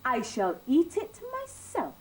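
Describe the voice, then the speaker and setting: A woman's voice: high voice, huge pitch swings, slow, pitched above the performer's own voice, exaggerated voice, low-quality recording. A woman reading aloud and voicing a proud, self-reliant little hen who speaks in a firm, prim and decided way.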